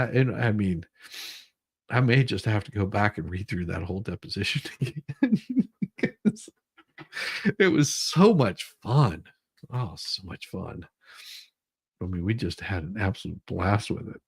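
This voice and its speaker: A man hosts a casual livestream in a slow, low, gravelly voice, greeting viewers and chuckling as he talks. His tone is husky, and he often repeats words as he restarts. The sound is dry and close. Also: dry recording. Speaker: livestream host reading chat.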